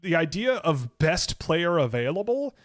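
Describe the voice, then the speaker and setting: A man's voice: a little high, very animated, a little slow. Rambling man on a live stream. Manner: rambling, self-correcting, many fillers. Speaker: hockey draft analyst hosting a live stream. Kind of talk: casual live-stream commentary.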